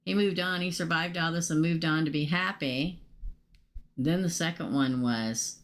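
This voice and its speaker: A woman's voice: sits low, measured pace. A woman doing a casual live tarot reading, naming cards and chatting with viewers about their questions. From United States. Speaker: tarot reader.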